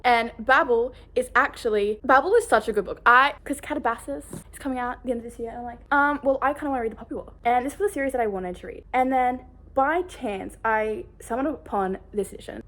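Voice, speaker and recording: Bubbly rambling woman vlogger, slightly high. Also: fairly bright tone. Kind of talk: casual chat.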